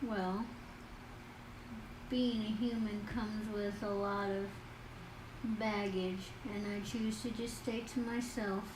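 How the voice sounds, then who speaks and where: A woman playing a tabletop game, speaking softly and reservedly in character. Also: medium pitch, little pitch movement, slow, pauses often. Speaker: player. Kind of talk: in-character tabletop role-play. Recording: echoey room with background noise.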